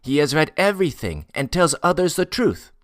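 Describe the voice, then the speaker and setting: A man's voice: very animated, moderate pace, a bit bright, dry recording, clean studio sound. A man voicing a sly, impudent male Tatar porter who talks in an emphatic, mysterious way. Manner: high, emphatic, pleading and mysterious.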